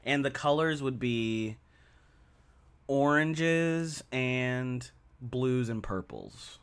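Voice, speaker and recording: A man co-hosting a podcast in casual chat, playful and quick to laugh. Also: mid-range voice, clear, resonant tone. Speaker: podcast co-host.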